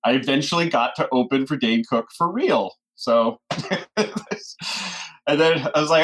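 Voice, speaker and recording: A man's voice: fairly high pitch, expressive, a little slow, fairly bright tone, slight background noise, rough recording. Joking man with frequent laughs. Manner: joking, laughs often while talking. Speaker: guest. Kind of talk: casual podcast chat.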